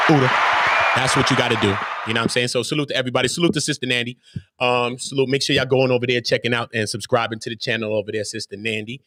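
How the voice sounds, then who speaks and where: A man hosts his own channel and delivers a blunt, profane rant straight at his viewers. His voice sits high and swings widely in pitch. The sound is dry and close, with no room echo. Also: pushed and bright. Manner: blunt, openly profane, emphatic. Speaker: channel host. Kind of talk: ranting monologue to viewers.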